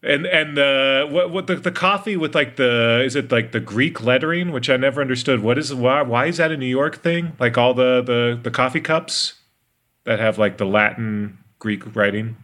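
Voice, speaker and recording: A man hosting a podcast roundtable with a bright, forward tone. He sounds upbeat and teasing and wanders into rambling asides. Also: mid-range voice, normal speed. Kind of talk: casual roundtable chat.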